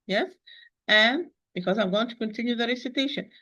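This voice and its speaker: A woman's voice: a little high, fairly quick, sharp tone, dull audio. A woman teaching Quran recitation, who works methodically through each sound, demonstrating syllables one at a time and patiently correcting common mistakes. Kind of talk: tajweed pronunciation lesson.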